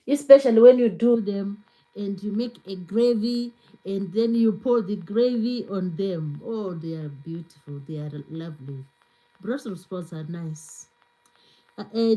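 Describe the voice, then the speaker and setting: A woman's voice: mid-range voice, measured pace, warm tone, poor audio. A woman hosting a cooking livestream, chatting casually, greeting viewers and reading their comments, repeating herself and laughing often. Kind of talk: casual live-stream chat reading comments.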